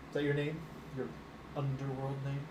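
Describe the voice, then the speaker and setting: A man's voice: mid-range voice, monotone, moderate pace. Game master, man, loose rambling delivery, echoey room with background noise. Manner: rambling, many fillers, laughs at own descriptions. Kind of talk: narrating a tabletop game.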